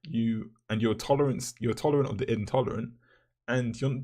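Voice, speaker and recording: A young man, a university student, rambling and ranting in a vlog with lots of swearing and filler words, his voice rough from the morning. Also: mid-range voice, a little fast, darkish tone. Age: young adult.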